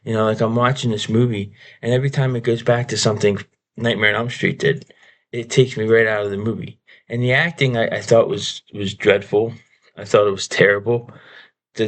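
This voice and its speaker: A man ranting through a casual movie review, exasperated and repeating himself, often stammering. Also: fairly low pitch.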